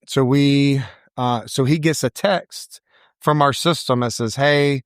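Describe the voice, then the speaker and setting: Animated male storyteller, dry close sound. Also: mid-range voice, takes it slowly, no echo. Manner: animated storyteller, acts out quoted voices, laughs often. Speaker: salon owner, podcast co-host. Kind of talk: casual storytelling chat.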